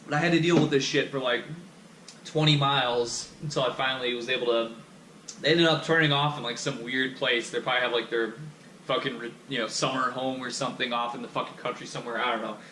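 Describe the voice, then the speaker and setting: A man's voice: medium pitch, fairly even intonation, quick pace, sharp tone. A young man ranting in a casual monologue, swearing constantly and sounding heated and exasperated, recorded on an action camera. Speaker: vlogger. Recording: echoey room, faint background noise.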